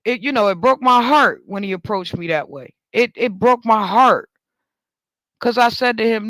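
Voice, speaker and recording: A man, talk show host telling a story in a casual, animated monologue. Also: normal speed, dry recording. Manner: animated, swings up high when joking about himself.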